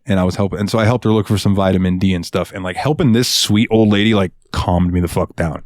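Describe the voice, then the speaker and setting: A man co-hosting a podcast, telling a work story in an animated, profane, casual way. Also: deep voice, fast, no room sound. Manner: animated, profane, swings into voices. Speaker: podcast co-host.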